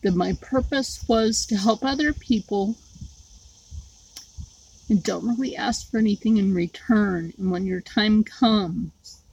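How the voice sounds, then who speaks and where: A woman talking to her viewers in a personal vlog, rambling and halting with many fillers, outdoors. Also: medium pitch, gravelly, a little mellow, breathy edge, muffled recording. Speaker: YouTube creator.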